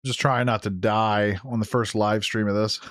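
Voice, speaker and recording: A man's voice: fairly low pitch, level tone, normal speed, a bit bright, dry recording. A man casually talking through a live game stream, chatty and laughing often, easily startled. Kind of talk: casual gameplay commentary.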